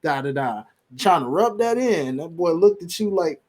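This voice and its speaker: A man's voice: fairly high pitch, animated, moderate pace, few pauses, darkish tone, slightly rough. A man co-hosting a wrestling podcast, chatting casually with slang and acting out quotes in funny voices. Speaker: podcast co-host.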